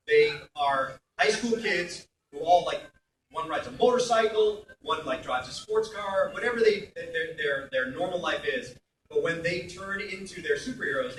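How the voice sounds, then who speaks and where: A middle-aged man from Brooklyn, New York, a voice actor talking at a convention panel Q&A in a chatty, animated way, recorded on a phone in the audience. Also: on the high side, far from the mic. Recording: echoey hall, phone mic from afar.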